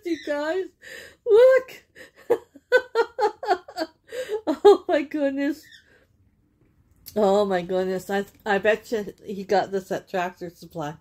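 Canadian lady opening presents on camera, high voice, slow gushy talk, giggles a lot, crinkly bags behind. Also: a little mellow. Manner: giggly and gushing, laughs often. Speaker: vlogger opening a gift package. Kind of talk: casual unboxing chat. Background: crinkling bags and packaging.

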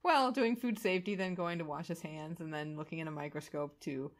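Chatty woman co-host, lower register, light laughs between news items. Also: fairly quick. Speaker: podcast co-host. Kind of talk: casual chat, news rundown.

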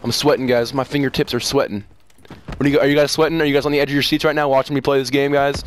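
A teenage boy commenting on his own gameplay for a video channel, excitable, laughing and yelling at the game. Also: medium pitch, racing, a little hiss or hum. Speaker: gaming YouTuber.

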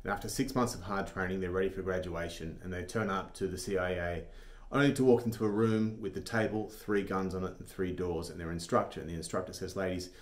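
A man's voice: low voice, brisk. A man vlogging, telling a joke and then giving a blunt, argumentative opinion monologue.

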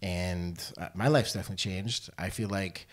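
A man's voice: sits low, steady tone, moderate pace. A middle-aged man co-hosting a podcast, chatting casually and joking with his best friend. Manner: playful, joking banter. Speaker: podcast co-host. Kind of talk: casual chat between friends.

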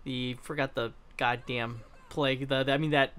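A man's voice: mid-range voice, fairly even intonation, moderate pace, a bit bright, smooth. A young man giving casual let's-play commentary, rambling, swearing freely and often trailing off mid-thought. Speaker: gaming channel host.

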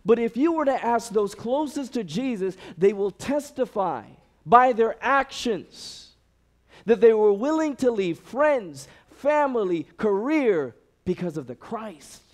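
High-voiced man telling a lively story. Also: measured pace. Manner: animated storytelling, acts out quoted people; conversational, frequent fillers. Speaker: youth ministry director. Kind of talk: sermon-style talk.

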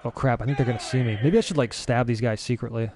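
A man giving excitable, chatty commentary while playing a video game. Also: mid-range voice, fast talker, breathy edge. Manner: excitable, chatty, says dude a lot. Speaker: gaming streamer. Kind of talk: casual gameplay commentary.

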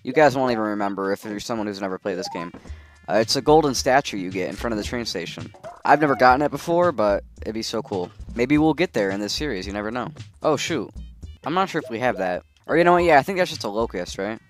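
A man hosting a gaming video, casually thinking out loud as he plays. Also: on the low side, fast talker, soft background music. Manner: relaxed and chatty, thinking out loud. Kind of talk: casual gameplay commentary.

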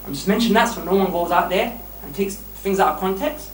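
A man preaching a lively sermon to young men, emphatic and animated, often laughing mid-sentence. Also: high-pitched, a little fast. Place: mosque hall. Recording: echoey hall, distant mic, faint hiss.

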